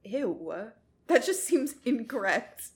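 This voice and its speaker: A woman with a higher voice co-hosting a casual podcast. She is playful and theatrical, quick to laugh and to play up small outrages. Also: big pitch swings. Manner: playful, dramatic, laughs often. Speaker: podcast co-host. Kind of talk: casual chat.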